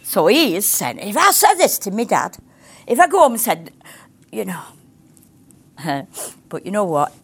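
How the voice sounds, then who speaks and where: A woman's voice: mid-range voice, very animated, unhurried, pauses often, breathy edge. An older woman, teaching a sermon in a chatty way and acting out the voices she quotes. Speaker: ministry teacher.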